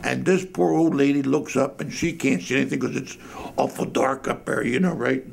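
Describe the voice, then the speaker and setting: A man's voice: mid-range voice, normal speed, gravelly. An older man telling a colorful story about his boyhood during an interview, speaking from inside a dim church. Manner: colorful, lively anecdote telling.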